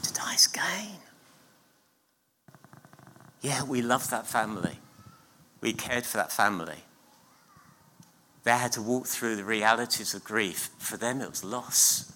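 Middle-aged male pastor, unhurried sermon delivery, very bright, cutting voice, emphatic repeats. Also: fairly low pitch, a little hiss or hum. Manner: emphatic preaching with repeated phrases and slow pauses. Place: church.

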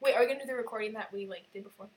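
A woman's voice: fairly high pitch, rapid-fire. A teenage girl co-hosting a casual podcast, drawling with lots of fillers and giggling, recorded without a microphone. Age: teens. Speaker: podcast co-host. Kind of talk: casual chat. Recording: loud background noise, no microphone.

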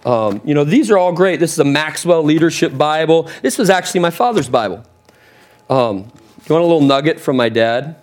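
A male pastor preaching from a church platform, telling stories with animated energy. His voice sits slightly high for a man, and he often repeats words as he builds his point. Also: a little fast. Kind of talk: sermon.

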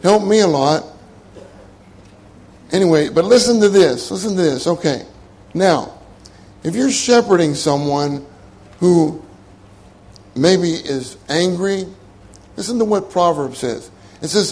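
A man's voice: high-pitched, unhurried, darkish tone. An older man preaching a sermon in a conversational way, repeating his key phrases and laughing at his own jokes.

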